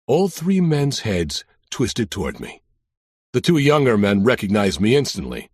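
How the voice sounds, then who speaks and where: A man narrating a first-person thriller audiobook in a wry, deadpan detective voice. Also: lowish voice, unhurried, dry recording.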